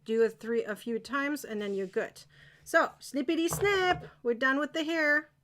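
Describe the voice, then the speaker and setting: A woman leads a live crochet tutorial in a chatty, excitable way, stopping often to check that everyone is keeping up. Her voice sits a little high. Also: normal speed, slight background noise. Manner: chatty, encouraging, excitable, asks viewers if they follow. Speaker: crochet teacher.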